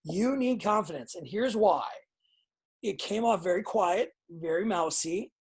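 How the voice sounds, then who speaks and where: A woman coaching pro wrestling students in a live online class. She is blunt and excitable, swears freely, and talks over a video call. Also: fairly low pitch, a little slow, slightly rough.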